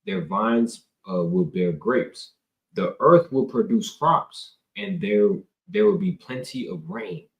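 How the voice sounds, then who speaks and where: Slangy man preaching, gravelly voice. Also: fairly low pitch, very animated, slow, muffled recording. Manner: conversational, slangy, reads scripture then riffs. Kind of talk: casual Bible teaching. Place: indoors, filming himself on camera. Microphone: camera mic. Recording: roomy echo.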